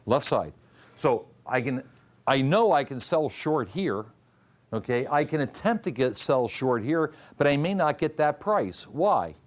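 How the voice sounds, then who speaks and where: A trading instructor with a medium-pitched, sing-song voice gives a classroom lecture at a measured pace. He quizzes his students, drills their answers, and repeats the key rules.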